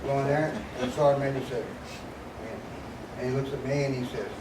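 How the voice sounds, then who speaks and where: A man's voice: medium pitch, flat delivery, moderate pace. An older man telling a folksy military story to an audience with a laugh. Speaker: guest speaker. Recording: echoey hall, mic at a distance, noisy.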